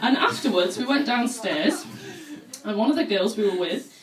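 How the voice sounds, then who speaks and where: A woman performing a stand-up comedy routine, telling stories in a chatty, animated way and acting out other people's voices. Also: fairly high pitch, moderate pace. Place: comedy club stage with audience laughter. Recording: roomy venue audio from a distance with faint noise.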